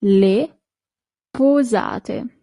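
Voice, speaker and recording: Woman, language teacher, very slow careful repetition, clear encouraging tone. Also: on the high side, warm tone, no echo. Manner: slow, clearly repeated pronunciation with short praise. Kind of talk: beginner language lesson.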